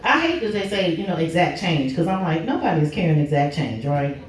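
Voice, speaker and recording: A stand-up comedian from Oklahoma, telling animated stories about her kids. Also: brisk. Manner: animated, jumps high in pitch for punchlines. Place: comedy club stage. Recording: echoey club from a distance.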